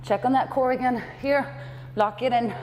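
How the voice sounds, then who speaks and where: A woman's voice: on the high side, steady tone, moderate pace, big-room sound, noisy background. A woman fitness trainer coaching a workout class, encouraging and out of breath between exercises.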